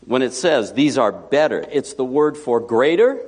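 A pastor delivers a sermon with an animated voice that swings up and down as he talks straight to his listeners. His words ring through a church hall with a long reverb trailing behind them. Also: medium pitch, moderate pace, few pauses, husky. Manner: lively, varied emphasis, talks to congregation directly. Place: church sanctuary.

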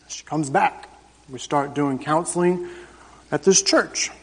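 A man in his thirties with a slightly rough, high-leaning voice and some vocal fry stands before his congregation to give his testimony. His storytelling is conversational and emphatic. The church hall around him is reverberant.

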